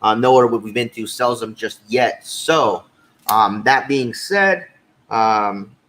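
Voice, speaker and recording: A man co-hosting a podcast in casual chat, relaxed and talkative with frequent fillers. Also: medium pitch, takes it slowly, a little hiss or hum, poor audio. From California. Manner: relaxed, chatty, with many fillers. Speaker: podcast co-host.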